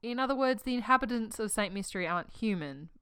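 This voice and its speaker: Give me a woman playing a measured, gentlemanly professor, smooth and bright. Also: a little high, expressive, dry recording. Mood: courteous. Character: calm gentlemanly male professor, middle-aged.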